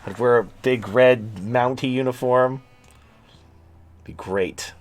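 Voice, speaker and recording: A man's voice: mid-range voice, slow pace. A man hosting a livestream, talking in a crude, rambling, sarcastic way. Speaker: host. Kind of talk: casual livestream talk.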